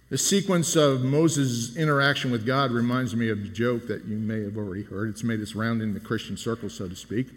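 A man's voice: medium pitch, big-room sound. A man preaching a sermon as a church elder, telling the story with rising emphasis on the quoted lines. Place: church sanctuary.

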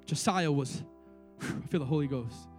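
A man's voice: fairly high pitch, normal speed, faint music behind. A middle-aged man preaching a sermon as pastor, telling stories and building to fervent pleas. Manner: preaching with rising fervor and repeated pleas.

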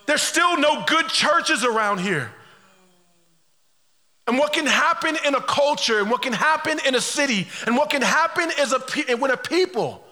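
A man preaching a sermon, swinging between soft, quiet passages and shouted climaxes. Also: very high voice, big-room sound. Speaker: pastor.

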